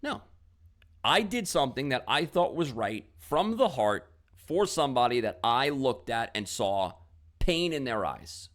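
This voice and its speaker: A man's voice: medium pitch, sing-song, measured pace, a bit bright. A middle-aged man telling a story with many fillers and quoted exchanges, giving a casual motivational talk to camera as a business coach.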